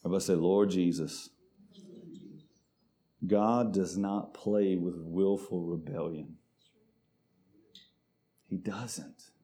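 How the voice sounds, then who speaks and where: A man preaching a sermon, calling out to the congregation and reading scripture slowly with weight. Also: deep voice, fairly even intonation, dark tone. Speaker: pastor.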